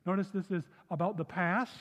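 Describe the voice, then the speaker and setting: A man with a high voice preaching to his congregation. He reads scripture low and soft, then speaks earnestly in his own voice. The sound carries a long hall reverb. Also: fairly even intonation, normal speed. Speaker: pastor. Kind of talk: sermon with scripture reading. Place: church sanctuary.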